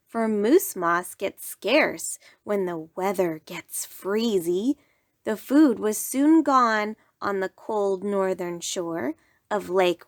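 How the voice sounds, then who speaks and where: A woman storyteller reading a rhyming bedtime story aloud in an animated way. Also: medium pitch, no room sound, studio quality.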